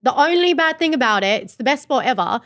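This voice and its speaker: A woman with an Australian accent talks quickly in a relaxed, chatty way, often breaking into laughter. Her voice sits a little high, and her co-hosting has an easy, casual feel. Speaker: podcast co-host. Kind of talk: casual chat.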